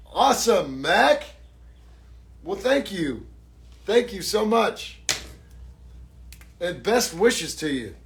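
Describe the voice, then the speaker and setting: A man with a fairly high-pitched voice chats casually on a live stream while he signs autographs. He jokes about himself and thanks each fan warmly. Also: big pitch swings, slow pace, gravelly, long pauses, a little hiss or hum. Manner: jokey, self-mocking, warm thanks.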